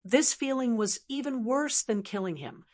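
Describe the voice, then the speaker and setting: A woman's voice: a little high, lively intonation, normal speed, a little mellow. A woman steadily reading a fantasy novel aloud as an audiobook narrator. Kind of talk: scripted narration.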